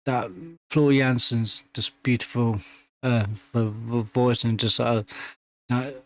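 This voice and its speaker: A man's voice: mid-range voice, fairly even intonation, slow. A man hosting a music reaction video, talking casually with many restarts and fillers, openly enthusiastic.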